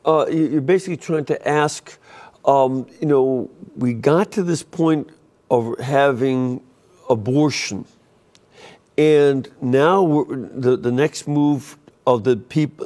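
A man hosting a talk show, animated and quick to cut in and react to his guests. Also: medium pitch.

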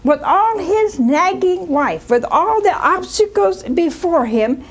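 A woman's voice: very high voice, animated, slow pace. A woman preaching a storytelling sermon, retelling scripture with chatty asides and rhetorical questions to the congregation.

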